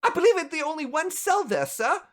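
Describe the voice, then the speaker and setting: A man voicing a polite young assistant who reports quickly and deferentially. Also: very high voice, big pitch swings, fairly bright tone, pitched above the performer's own voice, heavily acted. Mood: dutiful.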